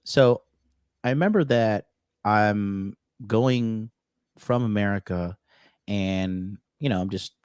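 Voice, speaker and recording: Profane animated man, low voice. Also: takes it slowly, clean tone, no room sound, studio quality. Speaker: podcast co-host. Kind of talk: casual chat.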